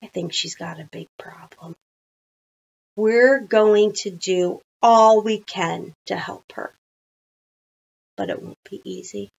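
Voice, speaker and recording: A woman teacher reading a children's storybook aloud, with chatty, animated asides. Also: medium pitch, slow pace, gravelly, pauses often, husky, muffled recording.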